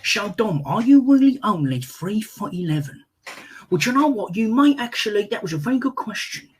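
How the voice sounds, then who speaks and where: A man doing a cocky husky high voice. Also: big pitch swings, brisk, heavily acted. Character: short cocky man fielding questions. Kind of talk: comic impression on a livestream.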